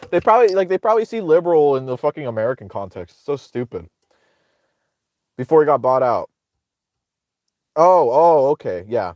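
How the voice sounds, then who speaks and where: A man's voice: medium pitch, no echo, clean studio sound. A man hosting casual political commentary, ranting sarcastically with profanity, rambling and restarting his sentences.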